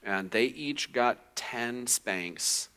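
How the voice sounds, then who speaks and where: Bright-voiced man pastor teaching. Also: mid-range voice, animated, drawn-out words, smooth. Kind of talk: sermon teaching. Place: church.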